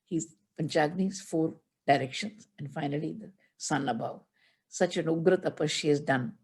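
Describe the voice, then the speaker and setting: A woman spiritual teacher with a low, darkish voice gives a religious discourse. She chants Sanskrit verses, then explains them through measured storytelling.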